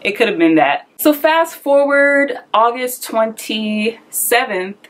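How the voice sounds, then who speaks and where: A woman's voice: a little high, lively intonation, slow. A young woman telling a personal story in a candid, conversational way, a little out of breath, acting out the voices she quotes. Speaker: vlogger.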